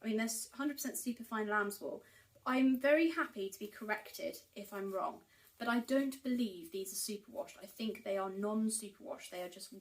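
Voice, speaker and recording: A woman talks enthusiastically to camera as a knitting vlogger, her speech casual and peppered with ums and likes. Her voice sits at an ordinary middle pitch. The mic sits some way from her, so she sounds slightly distant. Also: moderate pace. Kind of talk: casual haul chat to camera. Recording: voice picked up from a distance.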